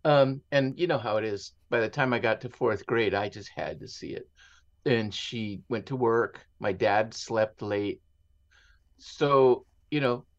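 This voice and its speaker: A man's voice: lowish voice, dull audio. A man telling stories as an interview guest, reflective and conversational, slipping Spanish words into his English. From Mexico and San Diego. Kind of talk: conversational storytelling.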